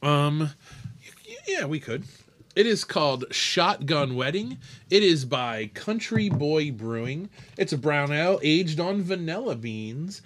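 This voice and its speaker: A man co-hosting a casual chat, telling stories in an animated, excitable way. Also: on the high side, measured pace, slight background noise. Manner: animated storyteller. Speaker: podcast co-host.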